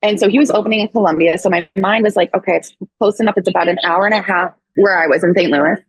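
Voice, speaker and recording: A woman in her thirties from Missouri, a podcast guest telling a personal story in a casual, animated way, full of "like" and acted-out quotes. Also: medium pitch, fast talker, husky, dry recording, rough recording. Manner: animated, acts out quoted voices, frequent "like".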